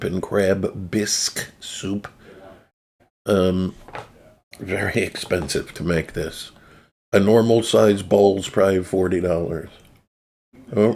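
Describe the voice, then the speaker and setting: New jersey guy slowly rambling about his meals, low voice, lots of uhs and likes. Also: creaky, darkish tone. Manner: rambling, loose, with many fillers and restarts. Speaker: channel host. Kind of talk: casual chat walking through food photos.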